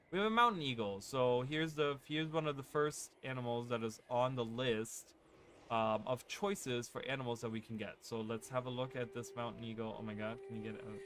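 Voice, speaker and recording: Over game music, a gaming channel host rambles through a casual let's-play on his desk microphone, using lots of fillers and rhetorical "right?" checks. His mid-range voice is a bit bright, and the recording has a little hiss or hum.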